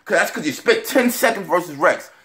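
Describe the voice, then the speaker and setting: A man rants in a brash, profane video response. He talks quickly, his voice swinging up and down, and sits a bit high for a man. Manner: brash, profane, animated ranting. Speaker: battle rap blogger.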